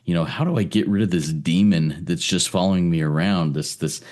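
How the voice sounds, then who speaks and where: Deep-voiced earnest man. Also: brisk, darkish tone. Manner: earnest, repeats words as he thinks. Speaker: podcast co-host, sponsor. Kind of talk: casual recovery podcast chat.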